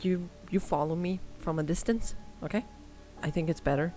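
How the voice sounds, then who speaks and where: A woman voicing a guarded, streetwise girl who leads a band of homeless kids, speaking in a halting, hesitant way. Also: on the low side, mellow, soft background music, close to an everyday voice. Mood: firm.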